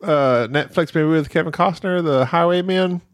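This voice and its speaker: A man's voice: on the high side, moderate pace. A man co-hosting a podcast about board games, chatting casually and cracking puns. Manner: jokey, punning, laughs often. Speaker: podcast co-host.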